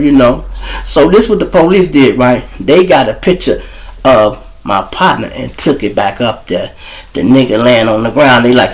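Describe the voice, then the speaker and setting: A man's voice: medium pitch, animated, normal speed, rough recording. A man from Chicago with a Chicago accent, hosting his show and telling raw, profane street stories straight to his listeners. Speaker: host and storyteller. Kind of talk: casual street storytelling.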